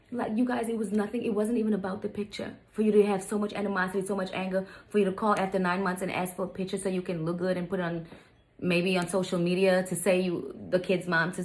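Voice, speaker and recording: A woman's voice: lowish voice, poor audio. A young adult woman, a stepmother, telling a story in a casual vlog, emphatic and heated, with many fillers. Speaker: vlogger, stepmother.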